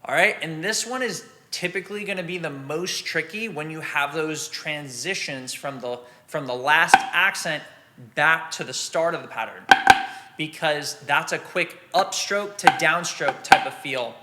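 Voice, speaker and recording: A man teaching drum rudiments in a relaxed, practical way, sometimes scatting the rhythms aloud. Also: on the high side, a little slow, heavy background noise. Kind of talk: instructional explanation.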